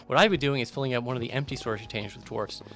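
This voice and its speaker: A man voicing a sad, gentle alien shopkeeper. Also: mid-range voice, very fast, natural voice. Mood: confiding.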